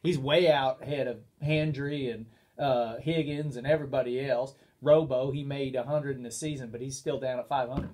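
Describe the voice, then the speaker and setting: A man co-hosting a casual chat show, talking in an animated, rambling way. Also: medium pitch, normal speed. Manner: animated, rambling, lapses into put-on quotes. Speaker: co-host.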